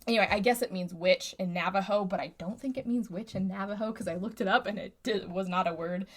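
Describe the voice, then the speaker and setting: A woman's voice: medium pitch, quick pace. Rambling casual woman recapping a movie. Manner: rambling, filler-heavy recapping with frequent "like" and "and stuff". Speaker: podcast co-host.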